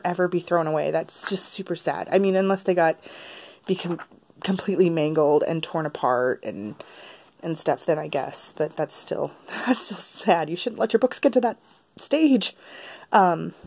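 A woman's voice: lowish voice, a little mellow. A young woman vlogging a casual unboxing at home, laughing often and swearing freely, recorded on a camera on a tripod. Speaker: book vlogger.

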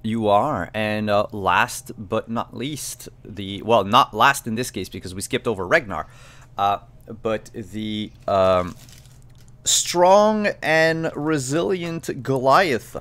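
A man acting as game master, introducing the players of an online tabletop game in an easygoing, unhurried way over a video call. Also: lowish voice, a bit bright.

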